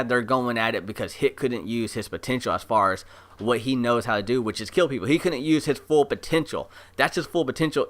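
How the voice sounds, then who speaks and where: A man giving a casual, excited recap of an episode as an anime reviewer, chatty and full of fillers. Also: mid-range voice. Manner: chatty, animated retelling with many fillers.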